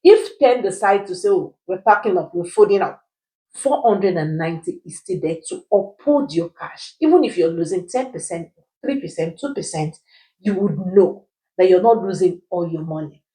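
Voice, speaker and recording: Teacherly woman with a lowish voice. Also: animated, normal speed, dark tone, low-quality recording. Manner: teacherly, poses rhetorical questions and answers them; keeps checking in with "right?". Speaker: personal finance educator. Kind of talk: explainer video.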